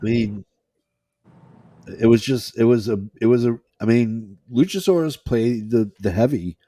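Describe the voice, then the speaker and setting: Slow-talking husky-voiced man. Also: mid-range voice, warm tone, dry recording. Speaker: podcast co-host. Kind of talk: casual chat.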